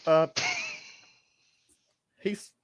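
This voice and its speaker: Slow, halting game master man. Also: no room sound. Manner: halting, laughing narration with many restarts. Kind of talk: narrating a tabletop game.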